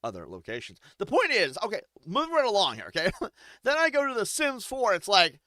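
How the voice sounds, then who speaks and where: Lively, bright-voiced joking male gamer. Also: sits high, moderate pace, dry recording, studio quality. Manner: rambling, joking, profane storytelling. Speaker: gaming streamer. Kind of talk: casual let's-play commentary.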